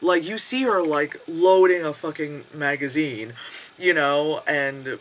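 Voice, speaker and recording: Male reviewer, slightly high and bright-toned, loose and profane, rambling, recorded close to camera. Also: slow. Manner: rambling, profane and excitable, with many fillers. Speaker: movie reviewer. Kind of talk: casual spoken movie review. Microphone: camera close to the face.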